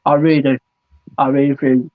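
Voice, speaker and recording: A man's voice: medium pitch, flat delivery, a little fast. A man hosting a fan call-in show, chatting casually and saying "mate" and "absolutely" a lot. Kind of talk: casual football chat. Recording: dull dry lo-fi sound.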